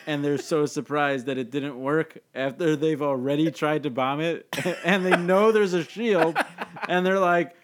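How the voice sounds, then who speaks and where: A man's voice: on the high side, measured pace. Hesitant, giggly man on a movie podcast. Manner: hesitant, repeats words, giggles. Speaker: podcast co-host. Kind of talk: casual chat.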